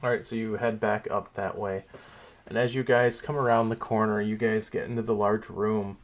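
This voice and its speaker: A man narrating as game master of a tabletop game, relaxed, with fillers. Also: fairly low pitch, moderate pace.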